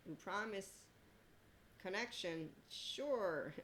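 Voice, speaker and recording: A woman's voice: medium pitch, expressive, very slow, a bit bright, slight background noise, low-quality recording. A woman hosting a podcast in a casual, rambling monologue, sarcastic and laughing often. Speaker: podcast host.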